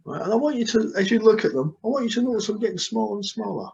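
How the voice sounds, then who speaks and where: A man's voice: high-pitched, lively intonation, fast talker, gravelly, a little mellow. A man acting as a hypnotist, guiding a session with soothing, repetitive trance suggestions over a video call. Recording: dull, lo-fi video call audio.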